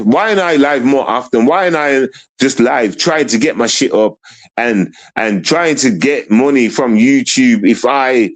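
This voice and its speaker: A man's voice: mid-range voice, low-quality recording. A man livestreaming, ranting at his chat in a profane, confrontational way, rambling and restarting his sentences. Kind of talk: live stream rant at chat.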